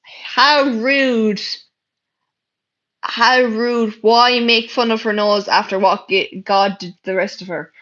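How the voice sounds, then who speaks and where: Through dull, lo-fi stream sound comes a young Irish woman reading comments aloud and answering them bluntly, swearing and sarcastic. Her voice is fairly high and fairly bright, slow, with fairly even intonation.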